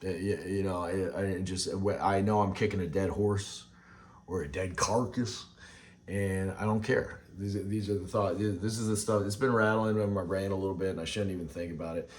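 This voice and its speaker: A man in his forties vents in an unscripted video rant. His somewhat low voice stumbles through restarts and trailing thoughts. He sounds fed up but keeps talking it through. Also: steady tone. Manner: rambling, frustrated, halting restarts. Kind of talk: casual vlog rant.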